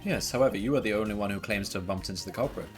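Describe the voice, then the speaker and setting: A man's voice: on the low side, rapid-fire, faint music behind, lightly acted. A man reading the lines of a cool male prosecutor who questions a suspect closely. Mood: probing. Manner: probing, questioning.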